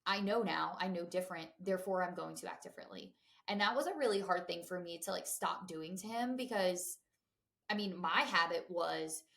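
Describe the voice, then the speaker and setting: A woman's voice: fairly low pitch, normal speed, creaky, fairly bright tone. A woman, hosting a podcast in a chatty, candid way, full of fillers and asides to her listeners. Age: 20s. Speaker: podcast host. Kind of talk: casual chat.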